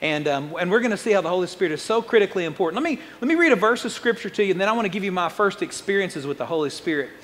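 A man preaching a sermon as pastor, fast-talking, joking and conversational, building up excitement as he explains scripture. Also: high voice, big-room sound.

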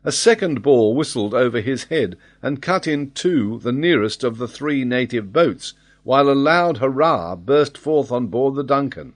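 Slow expressive male narrator. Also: mid-range voice. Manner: expressive, dramatic reading. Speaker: audiobook narrator. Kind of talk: reading a classic novel aloud.

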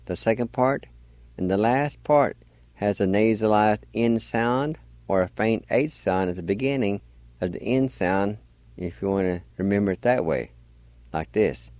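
A man's voice: lowish voice, unhurried, darkish tone, no echo. A man teaching a language lesson on the radio, patiently spelling words letter by letter and sounding them out.

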